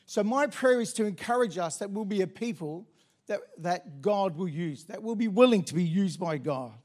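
A man's voice: sits high, expressive, normal speed, a little mellow. A man preaching a sermon in a church, fervent and interactive, coaxing the congregation along. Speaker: pastor. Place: church sanctuary.

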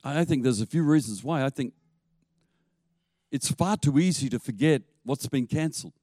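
A man preaching a sermon as pastor. He tells stories in an animated way and laughs now and then. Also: medium pitch, moderate pace, no echo.

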